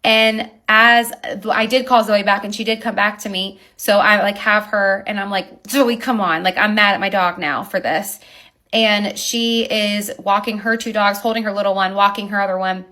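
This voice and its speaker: A woman who owns a wedding venue, telling an animated, indignant account of a dispute with her neighbors. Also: mid-range voice, moderate pace. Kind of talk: recounting a neighbor dispute to camera.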